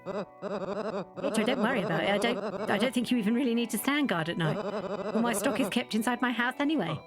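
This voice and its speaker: A woman giving casual, rambling commentary while playing a video game, chatty and quick to laugh. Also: a little high, lively intonation, loud music behind the voice. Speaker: game streamer.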